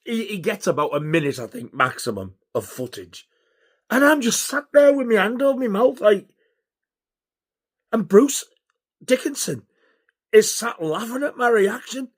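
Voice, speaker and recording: A man telling an excited personal story, swearing freely and acting out what people said. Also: sits high, normal speed, long pauses. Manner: animated, swears a lot, acts out quotes. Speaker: YouTuber.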